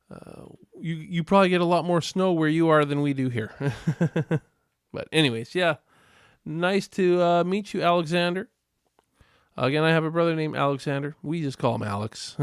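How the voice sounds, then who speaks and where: A man's voice: on the high side, smooth, no echo, studio quality. A man from Western Canada hosting a casual live stream, rambling and chatty as he answers viewers in the chat. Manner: rambling, chatty, laughs often. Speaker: livestream host.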